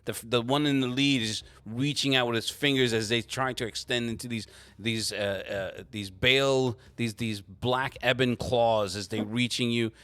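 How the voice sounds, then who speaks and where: A man narrating a tabletop game as game master, halting with frequent restarts. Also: medium pitch, steady tone, a bit bright, smooth. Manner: halting, lots of restarts and fillers.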